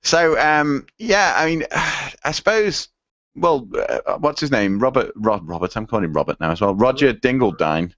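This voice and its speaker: A man's voice: mid-range voice, animated, moderate pace, fairly bright tone, dry recording. A man co-hosting a casual tech podcast, rambling and hesitant with lots of ums. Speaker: podcast co-host. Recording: dull, dry lo-fi sound.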